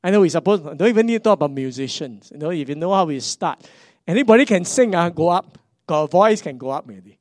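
Animated Singaporean pastor preaching. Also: male voice, on the high side, fairly quick, no room sound, studio quality. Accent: Singaporean English. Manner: animated, swings between hushed and emphatic. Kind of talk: sermon.

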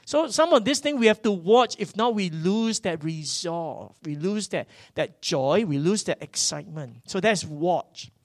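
A man, preaching a sermon that swings from loud bursts to hushed asides. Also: high-pitched, animated, unhurried, hardly any pauses, no echo, clean studio sound. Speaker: pastor.

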